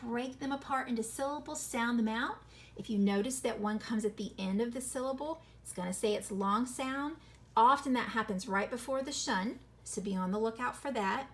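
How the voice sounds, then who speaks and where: A woman teaching a phonics lesson to children, encouraging and sounding words out slowly syllable by syllable. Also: fairly high pitch. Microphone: recorded video lesson.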